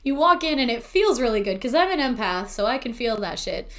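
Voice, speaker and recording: A woman co-hosting a podcast in casual chat, excitable, swearing freely and laughing often. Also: a little high, a little fast. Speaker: podcast co-host.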